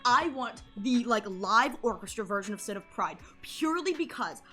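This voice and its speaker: A woman streaming a video game, giving excitable commentary, gasping and ranting as she talks. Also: a little high, normal speed, soft background music. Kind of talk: live gameplay commentary.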